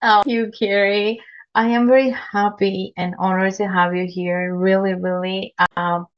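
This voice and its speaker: A woman's voice: medium pitch, little pitch movement, a little slow, highs cut off. A woman hosting a podcast interview, earnest and complimentary toward her guest. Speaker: podcast host. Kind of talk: interview, formal introductions.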